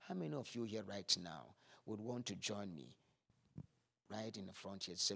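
A man's voice: lowish voice, brisk, gravelly, bright, forceful tone, husky. A man preaching a sermon, acting out scripture scenes with vivid voices, then turning earnest.

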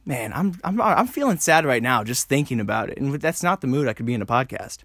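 A man hosting a solo podcast, rambling and joking at himself, talking fast and often jumping up high. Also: sing-song, creaky, a bit bright, no echo, clean studio sound. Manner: rambling, self-mocking, fast with sudden high jumps. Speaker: podcast host. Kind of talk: casual solo podcast chat.

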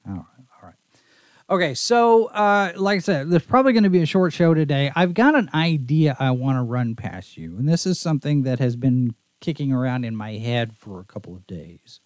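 A man's voice: mid-range voice, expressive, normal speed, a little mellow, dry recording. A man hosting a casual podcast chat with a faint Texas Southern accent, talking in a thoughtful, easygoing, rambling way. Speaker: show host.

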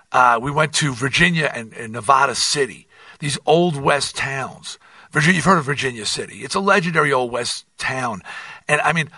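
An older man hosting his own podcast, telling a rambling, animated story with many restarts and asides. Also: on the high side, dry recording, recorded from a distance. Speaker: podcast host. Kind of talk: casual monologue.

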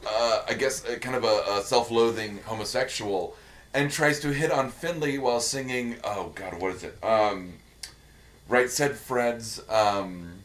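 A young man in loose, profane conversation, his voice sitting at an ordinary middle pitch. He rambles through fillers and restarts and curses without a second thought. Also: a little slow, fairly bright tone, a little hiss or hum. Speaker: podcast co-host. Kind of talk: casual chat.

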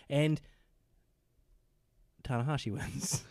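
A man co-hosting a podcast, chatting casually and enthusiastically about wrestling, rambling and getting animated. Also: mid-range voice, normal speed, no room sound, clean studio sound. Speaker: podcast co-host.

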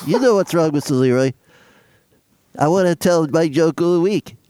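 A man's voice: a little high, dark tone, clean tone, dry recording, natural voice. A man doing a dim, stammering sidekick. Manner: halting, repeats words, formal "Mister" address.

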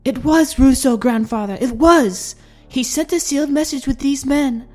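A man's voice: normal speed, darkish tone, soft background music. Man voicing a sobbing young princess. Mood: pleading. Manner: high, wailing, tearful cries.

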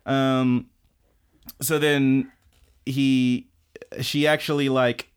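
A man's voice: mid-range voice, level tone, drawn-out words, smooth. A man co-hosting a podcast, casually recapping an anime in a loose, rambling way with crude asides. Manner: rambling, loose retelling full of "blah, blah, blah" and crude jokes. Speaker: podcast co-host.

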